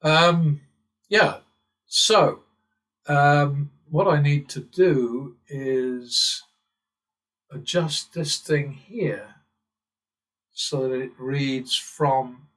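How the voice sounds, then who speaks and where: A man's voice: a little high, very slow, pauses often, a bit bright, far from the mic. An English man hosting his own channel, talking in a rambling, sardonic monologue and chuckling as he wanders off topic. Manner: digressive and sardonic, chuckles often. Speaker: channel host.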